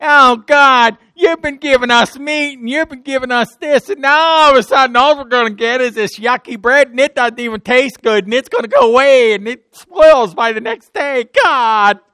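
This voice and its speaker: Man playing a whining crowd in a sermon, high and nasal-free, dry close sound. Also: normal speed, few pauses, sharp tone, smooth, no echo. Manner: whining, complaining. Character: grumbling whiny crowd of wanderers.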